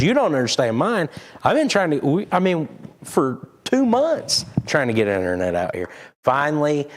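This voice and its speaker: Folksy man, lively pitch. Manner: folksy, rambling, chuckles often. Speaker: pastor. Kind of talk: casual chat with the congregation.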